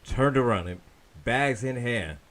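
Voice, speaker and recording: A man co-hosting a casual talk show, telling a story in an animated, repetitive way. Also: medium pitch, a little slow. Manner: animated, repeats himself, lively storyteller. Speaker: podcast co-host.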